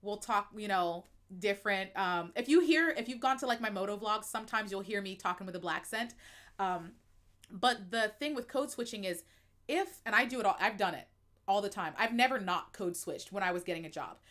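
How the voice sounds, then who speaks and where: A woman from the United States talks straight to her stream audience. She is frank and expressive, her talk loose with um and like, and laughter breaks in often. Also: mid-range voice, brisk. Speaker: livestream host. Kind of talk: candid personal chat to viewers.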